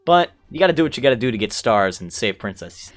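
Over game music, a young gameplay commentator chats fast in a mid-range voice during his let's-play. He's excitable, addresses the game's characters, hums along and uses mild profanity.

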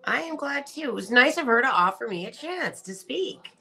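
A woman hosting a casual livestream, chatting warmly and reading viewer comments aloud with frequent laughter. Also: on the high side, animated, moderate pace, gravelly. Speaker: livestream host.

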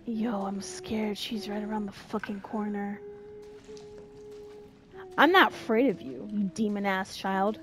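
A young woman giving profane, jumpy let's-play commentary, yelling and cursing when scared. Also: mid-range voice, a little slow, long pauses. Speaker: gaming streamer. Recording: faint game music behind.

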